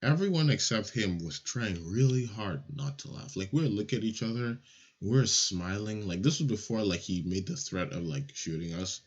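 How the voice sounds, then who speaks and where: A young man from Nigeria telling a childhood story in a casual, animated, profane way. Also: lowish voice, moderate pace, husky. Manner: animated, swears a lot, acts out voices. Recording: lo-fi audio.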